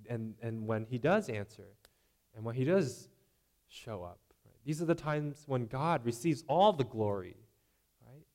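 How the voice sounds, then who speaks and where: A man's voice: medium pitch, darkish tone. A man preaching a sermon in a conversational way, often asking "right?" and acting out the voices of imagined people.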